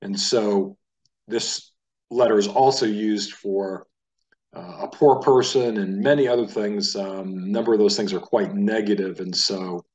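A man from the United States teaching a casual Hebrew lesson, talking in a relaxed, conversational way and sounding out letters aloud. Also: on the low side, measured pace, recorded from a distance, rough recording.

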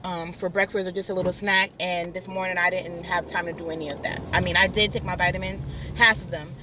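A woman's voice: fairly low pitch, level tone, brisk. Young woman vlogger, casual and emotional, phone mic somewhat distant, noisy rainy street. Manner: frustrated, venting and encouraging viewers directly. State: unwell, emotional. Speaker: vlogger, single mom. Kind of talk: casual vlog monologue. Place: outdoors by a car in the rain. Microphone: phone held while recording.

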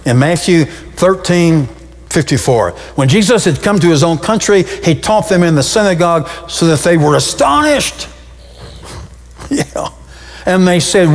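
Animated preaching man in a reverberant church hall. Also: a little slow. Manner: preaching with sudden swings in pitch and pace. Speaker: pastor. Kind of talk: sermon. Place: church sanctuary.

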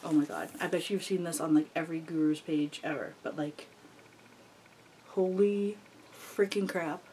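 A young woman vlogger gushing excitedly as she unboxes gifts, full of "like" fillers. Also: low-pitched, moderate pace, slight background noise, poor audio. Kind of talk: gift unboxing chat.

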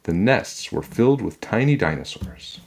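Reading a children's chapter book aloud, a man with a very low, deep, breathy voice tells the story in a calm, measured way. His delivery is even and unhurried.

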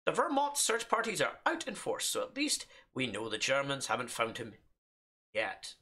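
A man's voice: medium pitch, wildly swooping pitch, normal speed, bright, forceful tone, slightly rough, full character voice. A man reading aloud a female French resistance liaison in an exaggerated fake French accent, mock-serious.

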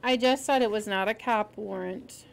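A woman's voice: mid-range voice, normal speed, gravelly, slight background noise. A woman reading a book aloud to children, stopping to explain words patiently and spell them out. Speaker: reader teaching children.

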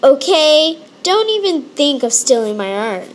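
High-pitched young woman scolding playfully. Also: sing-song, a little slow, few pauses, a little hiss or hum. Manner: playful scolding, repetitive, swings between loud and quiet. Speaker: animation creator. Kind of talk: casual vlog rant.

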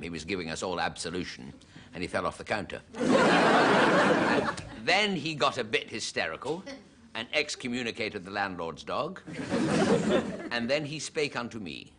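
A man tells jokes in a wry, deadpan way, his low voice rising and falling a lot. Loud audience noise sits under the whole recording. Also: fairly quick. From Britain. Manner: jokey, self-mocking, deadpan delivery. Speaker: comedian. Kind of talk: stand-up monologue. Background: studio audience laughter.

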